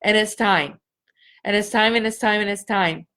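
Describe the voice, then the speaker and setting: A middle-aged woman hosting a live spiritual healing session, speaking slowly and earnestly and repeating phrases for emphasis. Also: medium pitch, sharp tone. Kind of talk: live energy-healing reading for viewers.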